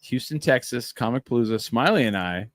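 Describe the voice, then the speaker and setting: Animated male podcast host, lively pitch. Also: fairly quick, dry recording, studio quality. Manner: animated storytelling, acting out quoted lines. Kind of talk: casual chat.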